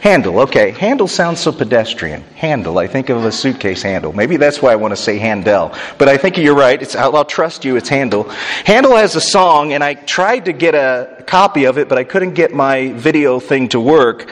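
A man's voice: mid-range voice, sing-song, normal speed. A male pastor teaching a sermon in a conversational, explanatory way, with chatty asides to the congregation. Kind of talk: expository sermon. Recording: long hall reverb.

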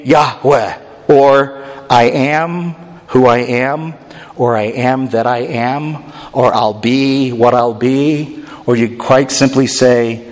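A man preaching a sermon as pastor, conversational, with dry humorous asides. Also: mid-range voice. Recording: long hall reverb.

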